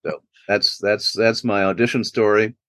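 An older man, a guest actor, telling anecdotes in a self-mocking, animated way in a podcast interview. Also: lowish voice, a little slow, no echo. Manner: animated, self-mocking storyteller who acts out quoted voices.

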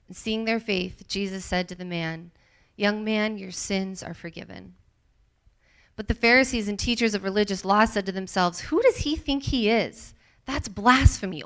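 A woman leads a Bible study by reading scripture aloud and adding her own comments. Her voice sits in a middle pitch, and her delivery is expressive, rising in the quoted lines.

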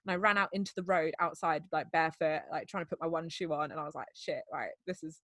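A woman's voice: sits low, fairly even intonation, pushed and bright, no echo, studio quality. A young woman, telling a story casually with lots of laughs and quoted dialogue. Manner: giggly, fast, filler-heavy retelling with quoted dialogue. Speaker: podcast host telling a story.

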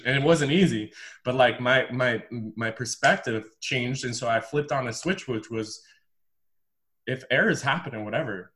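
A man from the United States, a former pro volleyball player, telling his story as a podcast guest in an emphatic, animated, casual way. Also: medium pitch, moderate pace. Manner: emphatic and animated, repeats words, says "bro".

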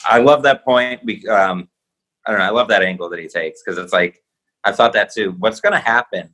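A man's voice: fairly low pitch, fairly quick, poor audio. A man hosting a podcast, chatting loosely about comedy clips with lots of fillers. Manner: relaxed, filler-heavy, chuckling. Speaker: podcast host. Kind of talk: casual chat.

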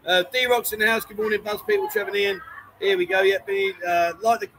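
High, bright-voiced man hosting. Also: steady tone, brisk, gravelly, rough recording. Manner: teasing banter, reads viewer comments aloud. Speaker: live-stream host. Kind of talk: casual live-stream chat. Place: bar.

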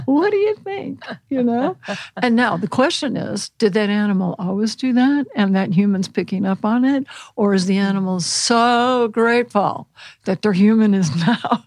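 A woman animal communication counselor speaking calmly and gently instructing, in a podcast interview. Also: mid-range voice, moderate pace, dry recording. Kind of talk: podcast interview, guided visualization.

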